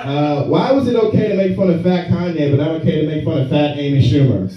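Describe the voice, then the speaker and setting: A man's voice: fairly high pitch, quick pace. A male stand-up comedian working a small crowd, loose and laughing, slipping into mock voices. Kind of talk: stand-up set with crowd work. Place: small comedy venue with audience. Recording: far-off echoey room, dull lo-fi sound.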